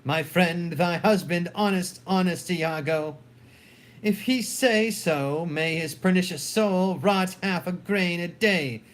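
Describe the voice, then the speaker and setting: A fierce, fearless waiting-woman, as a man reads her, hurling urgent accusations in a voice pitched high. The delivery is slow and weighty between the outbursts. A dramatic play reading.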